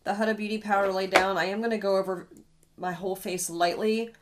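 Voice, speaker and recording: A woman's voice: medium pitch, fairly even intonation, brisk, noisy background. A woman beauty vlogger chatting through her makeup routine while ill and tired, rambling in a conversational way. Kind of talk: chatty get-ready-with-me.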